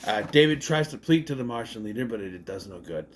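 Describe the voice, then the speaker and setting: A man's voice: fairly low pitch, fast talker, slight background noise. A man casually recapping and reviewing a movie, swearing and mocking the scenes as he goes. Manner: animated, swears, mocks scenes in exaggerated voices.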